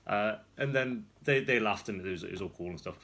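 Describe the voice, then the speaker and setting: In a casual vlog, a young man seated on a rolling chair indoors rambles through a story, chatty and quick to laugh. He speaks fairly quickly, his voice on the low side and a bit bright.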